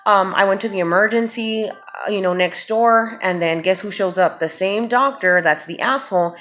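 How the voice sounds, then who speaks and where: A mother vlogging to her viewers shares an emotional personal story, frequently addressing them as "guys." Her voice is medium-pitched at a normal speed, with the high frequencies cut off.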